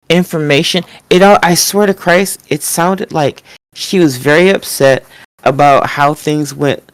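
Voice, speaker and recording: A woman's voice: low-pitched, clear, resonant tone, dry recording. A woman co-hosting a wrestling podcast, ranting casually with lots of swearing and mocking impressions. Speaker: podcast co-host.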